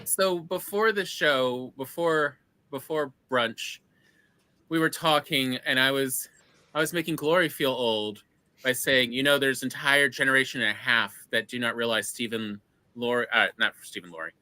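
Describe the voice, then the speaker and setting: Bright-voiced co-host, dry sound. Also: mid-range voice, normal speed, no room sound. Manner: teasing, reads out viewer comments. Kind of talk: casual panel chat.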